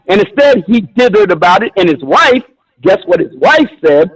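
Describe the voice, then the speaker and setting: A man's voice: high voice, very animated, normal speed, poor audio. A man calling in to a talk show, arguing bluntly and combatively with frequent swearing. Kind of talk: heated call-in argument.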